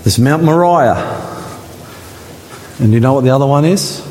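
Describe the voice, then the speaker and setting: A man preaching a dramatic sermon in a church, his voice rising higher and louder at the climaxes. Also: normal speed, slight background noise. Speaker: pastor. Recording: church hall with long reverb.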